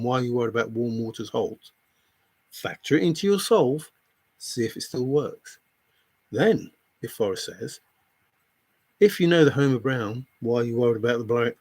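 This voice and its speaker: A man's voice: mid-range voice, a little mellow, husky. A man on a live stream, talking to viewers in an exasperated, repetitive, lecturing way. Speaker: treasure hunt commentator. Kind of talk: heated live stream rant.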